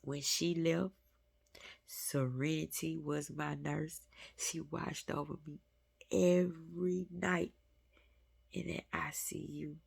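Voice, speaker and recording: Woman, low, earnest spiritual vlogger, intimate and emotional, unhurried delivery. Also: flat delivery, gravelly, breathy edge. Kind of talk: heartfelt spiritual talk to viewers.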